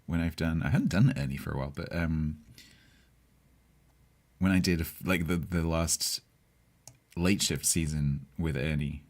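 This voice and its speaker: Very deep-voiced Southeast English man. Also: measured pace, long pauses, darkish tone. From Southeast England. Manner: rambling, chatty, with hesitations and laughs. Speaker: game streamer. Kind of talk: casual live-stream chat with viewers.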